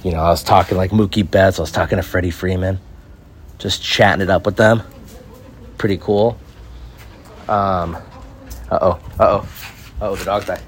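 A man's voice: low voice, steady tone, normal speed, pauses often, slight background noise. A young man hosting a solo podcast from a backyard outdoors, talking into a phone in a rambling, laid-back way and filling his speech with "like" and "right?". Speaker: podcast host. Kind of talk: casual solo podcast chat.

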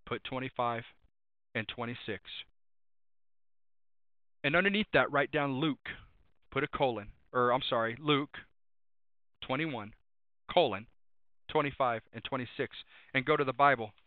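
A male preacher delivers a sermon with emphatic repetition, circling back to the same refrain and reading out scripture references. His voice comes through thin and tinny, like a phone line, in a dry space with no room echo. He sits at a middle pitch for a man. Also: unhurried, long pauses. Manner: emphatic, repeats refrains and cites verses.

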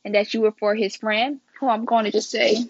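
A woman's voice: a little high, fairly even intonation, a little fast, no echo. A young woman podcast host, telling a story casually and animatedly, acting out texts and swearing freely. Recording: dry, dull lo-fi audio.

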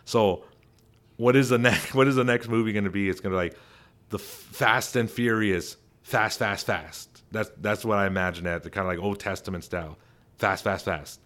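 Low-voiced man giving emphatic commentary. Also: a little fast. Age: adult father. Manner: emphatic, chatty, animated. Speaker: commentary host. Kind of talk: casual opinionated commentary.

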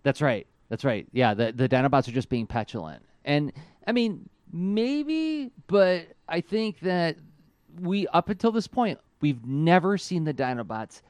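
A man's voice: fairly high pitch, lively intonation, unhurried, a little mellow, clear, resonant tone, no echo. A man co-hosting a podcast, chatting enthusiastically with lots of fillers. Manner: enthusiastic, many "like" fillers, laughs often. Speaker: podcast co-host. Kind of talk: casual enthusiastic chat.

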